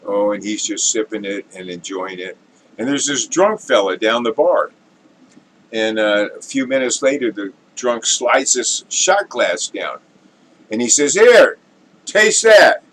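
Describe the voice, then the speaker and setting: Unhurried man telling a joke. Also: on the low side, rough recording. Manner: relaxed, unhurried, folksy. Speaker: storyteller host.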